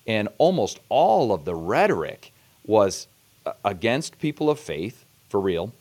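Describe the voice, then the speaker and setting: Low-voiced man hosting an interview. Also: very animated, a little mellow. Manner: measured, reflective, steers with questions. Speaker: podcast host. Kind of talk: conversational interview.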